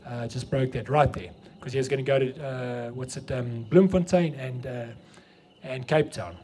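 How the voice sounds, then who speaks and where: A man's voice: mid-range voice, steady tone, normal speed, darkish tone. A middle-aged South African man with an Afrikaans accent, preaching a sermon and telling a story, mixing English and Afrikaans.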